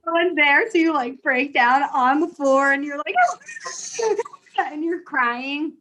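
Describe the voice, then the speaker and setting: A woman's voice: sits high, measured pace, hardly any pauses, rough recording. A young woman hosting a casual chat, animatedly retelling a comedy routine and acting out its voices. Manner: animated, acts out comedy bits with theatrical voices. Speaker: podcast host.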